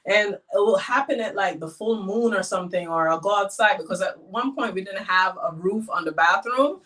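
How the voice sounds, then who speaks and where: A woman guest telling personal stories in a casual, emotional, animated way, with wide swings in how she speaks. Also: medium pitch, normal speed. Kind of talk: casual storytelling. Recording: voice a bit far from the mic.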